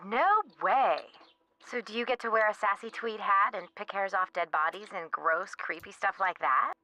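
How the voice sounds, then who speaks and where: A woman's voice: mid-range voice, fairly even intonation, moderate pace, pushed and bright, natural voice, low-quality recording. An actress voicing a flippant, sarcastic young woman artist in a video game, full of slang. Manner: sarcastic, valley-girl slang.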